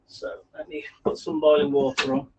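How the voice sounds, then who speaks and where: A man's voice: fairly high pitch, flat delivery, normal speed, dark tone, a little hiss or hum, low-quality recording. A man hosting a casual live cooking stream from his home kitchen, chatting and rambling to viewers while he cooks. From England. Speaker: livestream cooking host. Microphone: phone on a selfie stick.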